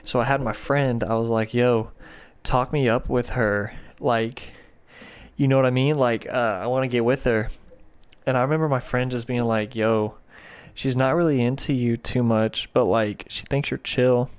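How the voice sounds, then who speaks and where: A man's voice: mid-range voice, fairly even intonation, normal speed, clear, resonant tone. A young man hosting a podcast, telling a rambling, profane story in a casual, slangy way. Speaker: podcast host.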